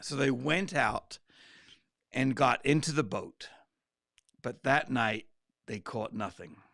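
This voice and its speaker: A man with a gravelly, creaky voice teaches a Bible study in a relaxed, chatty way. He gets animated and slips in side remarks. The sound is dry and close, with no room echo. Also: mid-range voice, slow. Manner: animated, acts out quoted lines with asides.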